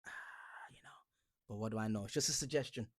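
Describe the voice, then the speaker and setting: A man's voice: lowish voice, fairly quick, whispered. A man vlogging about football in a laid-back, joking way, rambling with slang and fillers. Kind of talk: casual reaction vlog.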